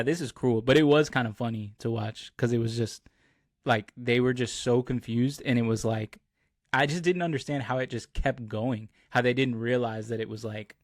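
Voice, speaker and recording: A man's voice: medium pitch, no room sound, clean studio sound. A young man hosting a podcast, chatting casually and rambling as he searches for words with lots of fillers. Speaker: podcast host. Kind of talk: casual chat.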